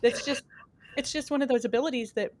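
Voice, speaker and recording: A woman's voice: high voice, fast talker, a little mellow. A woman hosting a podcast, chatting eagerly and often chiming in with short agreements. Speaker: podcast host. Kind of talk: casual chat.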